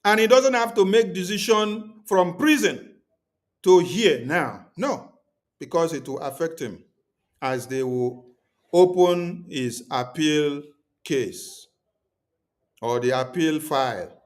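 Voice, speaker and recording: A man's voice: a little high, slow. A man hosting a livestream, speaking emphatically and repeating his points to viewers. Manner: emphatic, repetitive, preaching tone. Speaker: livestream host.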